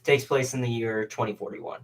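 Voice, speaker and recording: A man co-hosting a live interview as the series' co-creator, asking questions in a halting way with pauses and fillers. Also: medium pitch, fairly even intonation, noisy background.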